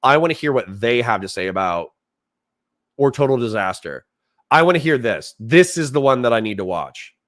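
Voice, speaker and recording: A man hosting a livestream, talking off the cuff in a heated, animated rant. His pitch jumps around a lot as he reacts. He is recorded close on a streaming mic. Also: normal speed. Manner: animated, ranting, reads chat aloud. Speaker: streamer host. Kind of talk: casual livestream commentary.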